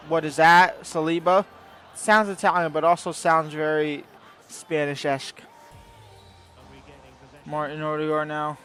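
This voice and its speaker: Male gaming host, high voice, casual running commentary on his own play, drifts from mumbled asides to loud outbursts, light music underneath. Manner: rambling, swings between low muttering and loud outbursts.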